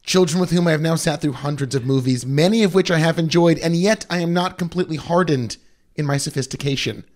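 A man's voice: a little high, fast talker, darkish tone, close to an everyday voice. A man reading a review aloud in the voice of a pompous, stuffy middle-aged father. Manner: stuffy, overly formal reading.

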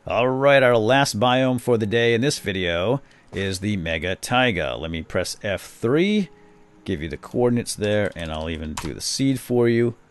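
Deep-voiced, lively man showing off a game. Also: normal speed. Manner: upbeat, playful, says "groovy" a lot. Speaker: gaming video host. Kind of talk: casual game walkthrough commentary.

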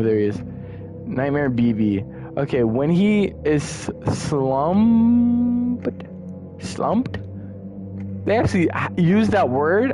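Young male gaming streamer, lively pitch, jumpy and loud at scares, over game music. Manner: excitable, swings from muttering to yelling at jump scares. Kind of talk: casual gameplay commentary.

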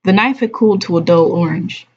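A woman streamer reading a novel aloud at a slow, measured pace, softly giving voice to the dialogue. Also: medium pitch, breathy edge. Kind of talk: unhurried audiobook-style reading. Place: home streaming room. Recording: dull lo-fi stream audio.

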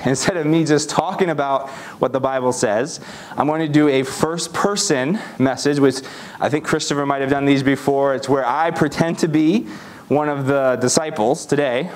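A man preaching a casual first-person sermon as a youth pastor, storytelling with plenty of fillers. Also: fairly high pitch. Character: the disciple Andrew telling a story.

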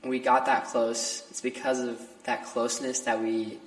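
A young man, a podcast guest, chatting casually in a halting way, restarting and searching for words. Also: mid-range voice, little pitch movement. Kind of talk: casual chat. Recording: echoey room, distant from mic.

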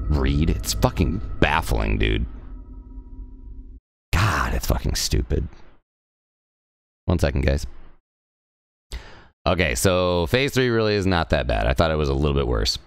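A man's voice: a bass voice, big pitch swings, a little slow, vocal fry, long pauses. A young man streaming a video game and ranting, profane and exasperated. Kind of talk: heated rant while live-streaming a game.

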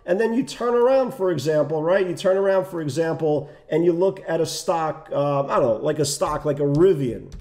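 A man giving casual, animated market commentary as a trading educator, full of asides and quick questions to the listener. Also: high-pitched. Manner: animated, conversational, many asides and "right?". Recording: echoey room.

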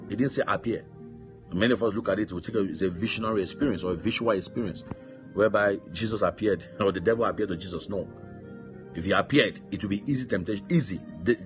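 With faint music under him, a male pastor gives an impassioned sermon in a low voice, scattering amens and hallelujahs between his points.

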